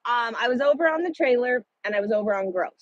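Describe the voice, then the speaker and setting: Blunt husky woman trucker chatting to viewers. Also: on the high side, animated, quick pace, no room sound, muffled recording. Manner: blunt, swears freely. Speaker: truck driver. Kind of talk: casual livestream chat with viewers.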